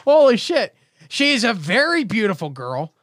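A man's voice: high voice, huge pitch swings, moderate pace, a bit bright, slight background noise. A man hosting a casual comedy podcast, reading out odd news stories with wry jokes. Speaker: podcast host.

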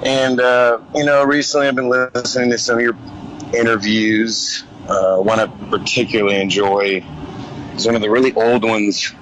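A man's voice: medium pitch, level tone, normal speed, fairly bright tone, a little hiss or hum, rough recording. A man calling in from the road, talking in a laid-back, enthusiastic, rambling way. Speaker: caller, touring musician. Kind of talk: phone call-in chat. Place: on the road in a vehicle.

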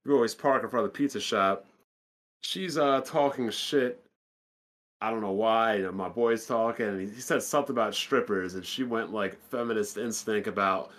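A man's voice: fairly low pitch, normal speed, a bit bright. A man, co-hosting a casual podcast and telling a blunt, profane story. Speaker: podcast co-host.

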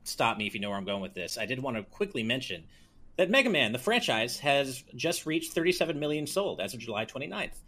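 A man's voice: medium pitch, sing-song, quick pace, pushed and bright. A man co-hosting a podcast, chatting casually and rambling with fillers and restarts. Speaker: podcast co-host. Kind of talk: casual chat.

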